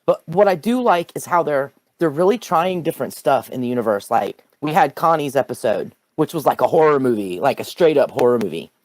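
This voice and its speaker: A man on a podcast panel who gropes for words, stopping and restarting mid-sentence. His voice is medium in pitch, and the sound is dry and close, with no echo. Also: very animated, a little mellow. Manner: halting, restarts his phrases. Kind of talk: casual chat.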